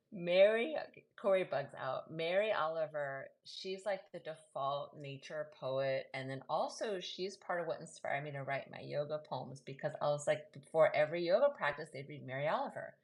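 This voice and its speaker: A woman poet and co-host, reading a poem aloud and then chatting in an animated way on a live video. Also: sits low, normal speed, low-quality recording. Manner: animated, chatty, many fillers. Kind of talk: poetry reading and casual chat. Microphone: webcam or laptop mic on a live video.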